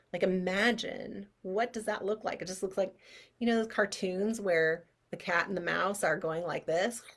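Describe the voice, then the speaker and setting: A woman teaching as a clairvoyant energy healer, leading a guided visualization in a chatty, expressive way that drops to soft near-whispers. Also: lowish voice.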